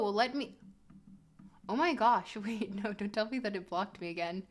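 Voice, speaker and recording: Here a woman with a medium-pitched voice and lively intonation speaks at a moderate pace. She's casually commentating a geography game stream, voicing chat messages and responding with laughter and mock anger.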